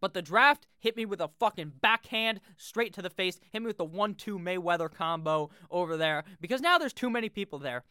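A man's voice: sits high, lively intonation, a little fast, hardly any pauses, bright, forceful tone, clear, resonant tone, no room sound, studio quality. A young man hosting a fantasy football rankings video, talking casually and brashly, joking and swearing freely.

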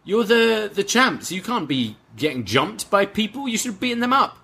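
A man putting on the voice of an indignant young wrestler who scolds his friends in a shrill, exasperated rant. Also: very animated, normal speed, vocal fry, pushed and bright, a little hiss or hum, full character voice.

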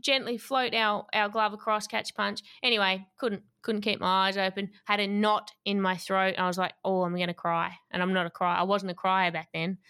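A woman, a guest telling a personal story in an interview, lively and laughing often. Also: medium pitch, normal speed, hardly any pauses, smooth, dry recording, clean studio sound.

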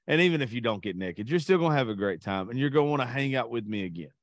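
A man's voice: mid-range voice, rapid-fire, no room sound, clean studio sound. A man, a podcast co-host in crude casual chat, telling boastful stories and acting out quotes. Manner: profane, boastful storytelling with animated quoting.

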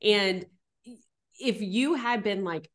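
A woman's voice: medium pitch, takes it slowly. A woman hosting a podcast interview, emphatic and encouraging, asking long run-on questions. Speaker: podcast host. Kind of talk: casual interview.

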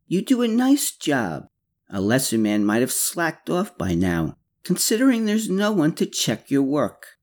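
Gentle soft-spoken young woman, lively lilt, a male reader doing her voice. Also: on the high side, a little slow, voice pushed up, exaggerated voice. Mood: warm. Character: kind, gentle young woman, softly hesitant.

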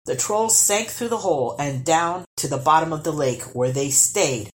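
A woman reading a children's storybook aloud, expressive and lively. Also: low-pitched, moderate pace. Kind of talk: storybook read-aloud narration.

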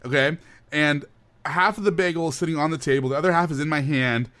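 A young man co-hosting a podcast, telling a story in casual chat, animated and often breaking into laughter. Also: a little high, fast talker, no echo. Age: young adult. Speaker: podcast co-host.

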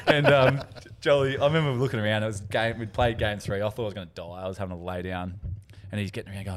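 A man's voice: fairly low pitch, quick pace, hardly any pauses. A man, co-hosting a podcast in casual chat and telling stories full of swearing. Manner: swearing, animated storyteller. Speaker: podcast co-host.

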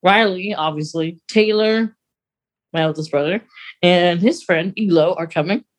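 A young man co-hosting a podcast, chatting casually in a rambling way with quick laughs. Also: high-pitched. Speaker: podcast co-host. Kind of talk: casual chat.

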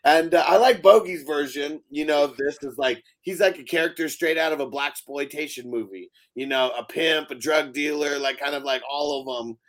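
A man's voice: on the high side, normal speed, few pauses, fairly bright tone. A man hosting a podcast, recapping a film in a casual, rambling, laughing chat. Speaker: podcast host. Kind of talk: casual movie review chat.

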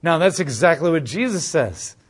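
A man's voice: a little high, lively intonation, normal speed, breathy edge. A man teaching a casual Bible study, explaining passages conversationally with asides and frequent "like".

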